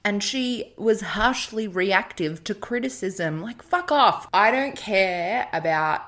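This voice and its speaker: A woman's voice: mid-range voice, lively intonation, takes it slowly, a bit bright. A woman with an Australian accent co-hosting a casual podcast, reading from notes and adding blunt, sweary asides. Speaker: podcast co-host. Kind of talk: casual chat.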